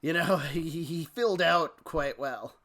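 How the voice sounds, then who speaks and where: A man's voice: fairly high pitch, measured pace, bright, forceful tone. A man co-hosting a podcast, breaking down wrestling promos analytically and acting out the lines he quotes. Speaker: podcast co-host. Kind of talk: casual chat with analysis.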